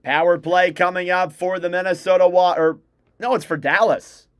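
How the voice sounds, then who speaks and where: A man's voice: high-pitched, fairly even intonation, clear, resonant tone, no echo, studio quality. A young man hosting a fan livestream, giving live hockey play-by-play and calling out player names as the action moves. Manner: rapid name-calling play-by-play, self-correcting.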